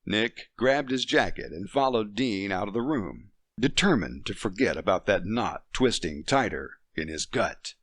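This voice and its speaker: A man narrating a novel as an audiobook in a steady, expressive reading. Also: fairly low pitch, unhurried, hardly any pauses, dry recording, clean studio sound. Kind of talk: scripted narration.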